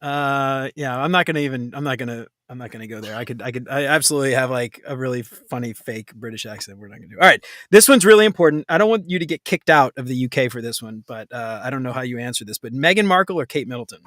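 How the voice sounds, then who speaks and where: A man hosting a casual live Q&A, joking and laughing often as he runs through quick questions. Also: medium pitch, fairly bright tone, no room sound, studio quality. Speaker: host.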